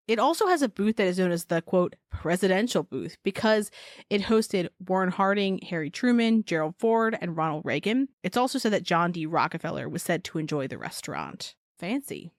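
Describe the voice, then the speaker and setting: A woman's voice: fairly low pitch, no room sound, clean studio sound. A woman co-hosting a podcast in casual chat, blunt and sarcastic, with frequent swearing. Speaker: podcast co-host.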